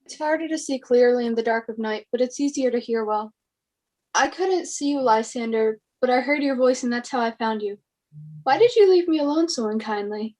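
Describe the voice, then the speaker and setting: A woman's voice: fairly high pitch, fairly quick, a little mellow, close to an everyday voice. A teenage girl acting as a confused, pleading young woman in love, in a school stage play. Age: teens.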